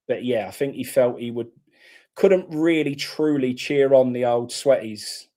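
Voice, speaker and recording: A man's voice: medium pitch, warm tone. A man hosting a live football watchalong, chatting casually and reacting bluntly to the play.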